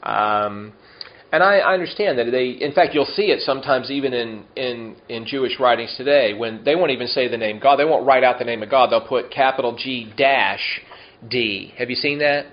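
A man teaching a Bible study in a relaxed, conversational way, slowing down to explain Hebrew words and asking the listeners questions. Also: medium pitch, dull audio.

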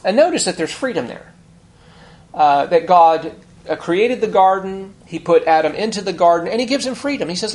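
A man's voice: high-pitched, expressive, darkish tone, a little hiss or hum. Man preaching a conversational sermon. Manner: conversational teaching with fillers and repeated restarts; slows down to stress key phrases. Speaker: pastor. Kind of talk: expository sermon.

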